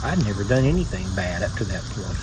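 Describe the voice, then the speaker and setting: A man telling stories in an unhurried, folksy way by an outdoor fire, pausing often with "uh". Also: fairly low pitch, sing-song, noisy background. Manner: unhurried, folksy, lots of "uh" pauses. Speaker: video blogger. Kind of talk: relaxed storytelling by a campfire. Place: outdoors beside a fire at night.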